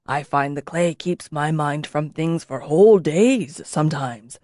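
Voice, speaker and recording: Lady putting on a kindly old potter guy, low slow soft voice, dry sound. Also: dry recording. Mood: gentle. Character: gentle older male master potter.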